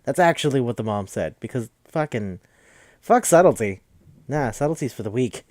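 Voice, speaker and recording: Excitable, profane man recapping a film. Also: mid-range voice, moderate pace, no echo. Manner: rambling, profane and excitable, with many fillers and restarts. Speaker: podcast host reviewing a film.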